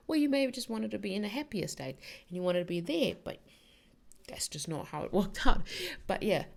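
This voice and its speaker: A woman's voice: lowish voice, creaky, a little mellow. Chatty woman musing on energy. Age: middle-aged. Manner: chatty, rambling, many "like"s and restarts. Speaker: podcast host. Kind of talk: casual spiritual talk.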